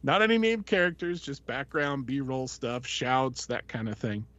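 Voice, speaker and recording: A man's voice: medium pitch, unhurried, fairly bright tone, no echo. A man hosting a podcast, telling a casual, rambling story full of fillers and voices he quotes. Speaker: podcast host. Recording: dull lo-fi, dry sound.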